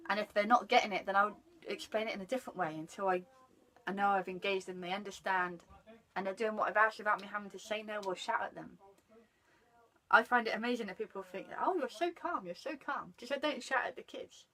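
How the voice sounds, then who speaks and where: A woman's voice: mid-range voice, fairly even intonation, fast, bright, forceful tone, rough recording. A woman, chatting animatedly about parenting and breaking off to greet passers-by. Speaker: parenting guest. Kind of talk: casual chat about parenting.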